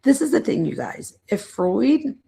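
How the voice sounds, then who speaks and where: A middle-aged woman hosts a casual livestream, explaining ideas and talking straight to her viewers. Her voice is rough with fry and a little husky. She rambles, tosses in asides and pokes fun at herself. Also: a little high, big pitch swings, a little slow, warm tone. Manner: chatty, rambling, self-deprecating asides; addresses chat viewers directly. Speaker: psychologist and true crime channel host. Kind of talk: casual livestream lecture chat.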